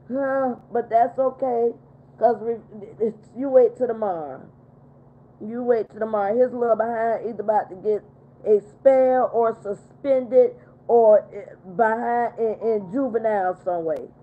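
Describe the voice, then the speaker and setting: An older woman hosting a casual livestream, telling a story with animated, indignant emphasis while reading viewer comments. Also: mid-range voice. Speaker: livestream host. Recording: tinny phone-like audio.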